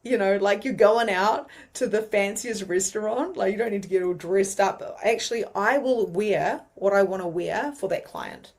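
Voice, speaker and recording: A woman with a New Zealand accent teaching mediumship in a chatty, animated way, with many fillers. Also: mid-range voice, normal speed, few pauses. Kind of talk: casual teaching monologue.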